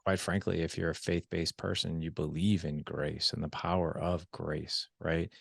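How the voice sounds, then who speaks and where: A man's voice: sits low, little pitch movement, moderate pace, gravelly, husky, no echo, studio quality. A man hosting a podcast who affirms his guest and reflects at length before asking a question. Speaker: podcast host. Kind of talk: interview talk.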